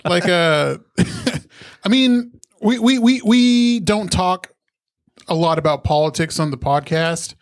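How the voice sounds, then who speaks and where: Chatty stumbling podcast man, fairly high. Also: slow pace. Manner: chatty, stumbling, reads live chat aloud. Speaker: podcast co-host. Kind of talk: casual podcast chat.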